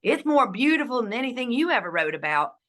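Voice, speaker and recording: A woman voicing her elderly dying father, wonder-struck and tender, in a raised, slowed voice. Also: fairly high pitch, big pitch swings, fairly bright tone, voice pushed up. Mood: awed.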